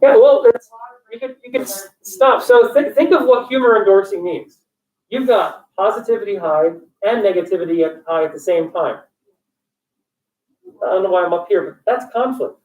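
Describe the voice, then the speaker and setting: A man's voice: sits high, normal speed, a little mellow. A male college instructor giving a classroom lecture, joking and going off on tangents while quizzing his students. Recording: echoey classroom, distant dull mic.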